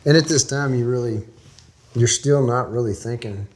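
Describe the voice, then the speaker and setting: A man's voice: mid-range voice, moderate pace. A man from Texas, a guest in an interview, telling a long story in a folksy, rambling way with small laughs.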